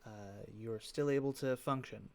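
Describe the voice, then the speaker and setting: A man serves as game master for a tabletop session, with a voice of ordinary middle pitch. He hands out rolls and narrates outcomes in an unhurried, easygoing way, pausing on fillers as he thinks. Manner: relaxed, steady rulings with frequent filler pauses.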